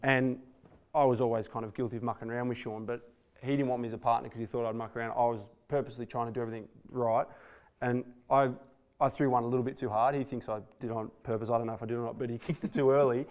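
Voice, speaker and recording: A man's voice: mid-range voice, fairly even intonation, a little mellow, smooth. A middle-aged man, a former rugby player co-hosting, telling gym stories in a casual, laughing way. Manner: quick, storytelling, laughs while telling. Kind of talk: casual chat.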